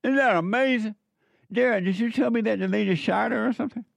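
Man, radio talk host, preachy and emphatic, fairly high voice, dry close sound. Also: fast, creaky, dry recording. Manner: preachy, emphatic, repeats phrases.

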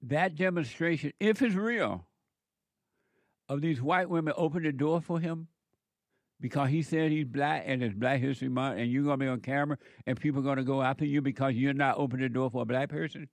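A man's voice: mid-range voice, brisk, dry recording. A man hosting call-in talk radio who preaches emphatically and repeats his points for effect. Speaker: radio talk show host.

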